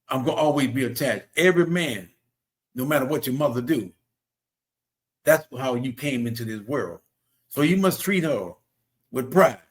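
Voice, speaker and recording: A man's voice: medium pitch, fairly bright tone. A man hosting a casual motivational talk, earnest and preachy, who often repeats himself. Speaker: host.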